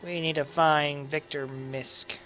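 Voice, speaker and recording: A man's voice: on the high side, fairly even intonation, slow, pushed and bright, faint music behind. A man giving playful, jokey commentary over a game, reading its text aloud. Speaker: gaming video host. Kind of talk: casual gameplay commentary.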